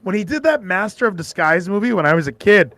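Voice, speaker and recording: Chatty high-voiced male co-host. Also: very animated, fast, fairly bright tone, no echo, clean studio sound. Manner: chatty, opinionated. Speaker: podcast co-host. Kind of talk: casual chat.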